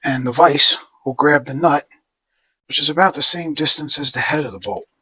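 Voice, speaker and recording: A man's voice: on the high side, moderate pace, sharp tone, husky, no room sound. A man hosting a casual do-it-yourself video, talking through his work in a rambling, self-deprecating way in his home garage. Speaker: DIY video host. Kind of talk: casual how-to narration while working.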